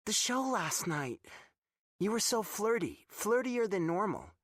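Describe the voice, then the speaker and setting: Man putting on a teasing young woman in an audiobook, pitched up, lively. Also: measured pace, no room sound, clean studio sound, exaggerated voice.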